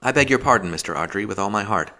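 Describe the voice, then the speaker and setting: A man's voice: lowish voice, expressive, fast talker, sharp tone. A man reading the part of a shrewd, determined young woman who speaks earnestly and sharply.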